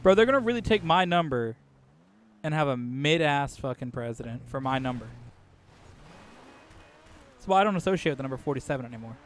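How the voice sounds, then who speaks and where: A man's voice: mid-range voice, expressive, fairly quick, pauses often. A man chatting casually while gaming, teasing his friend and laughing often. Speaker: gamer.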